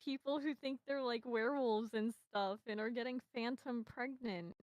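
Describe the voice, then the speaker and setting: A woman's voice: on the high side, steady tone, normal speed, a little mellow, lo-fi sound. A woman in casual stream chat, speaking hesitantly as she gathers her thoughts aloud.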